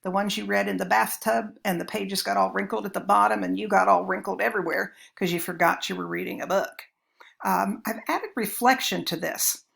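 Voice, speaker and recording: A woman's voice: mid-range voice, fairly even intonation, a little fast, creaky, fairly bright tone. A middle-aged woman teaching children's literature, giving a chatty, anecdotal lecture and calling her listeners folks. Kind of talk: recorded lecture.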